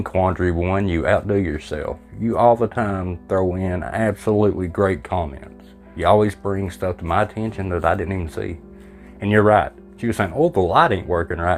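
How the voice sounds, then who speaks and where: Low-pitched American host, lively joking delivery over soft background music. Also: male voice. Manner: animated, laughing, jokey. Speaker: channel host reading viewer comments. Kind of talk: casual commentary.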